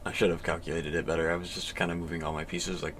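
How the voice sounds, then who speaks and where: A man's voice: low voice, little pitch movement, rapid-fire, a bit bright, slight background noise. A man playing online chess and thinking aloud, in a glum, self-critical mutter. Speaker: chess player.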